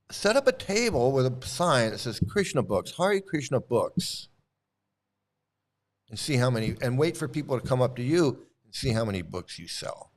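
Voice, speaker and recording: A man delivering a rambling, sarcastic commentary rant as an online commentator. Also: mid-range voice.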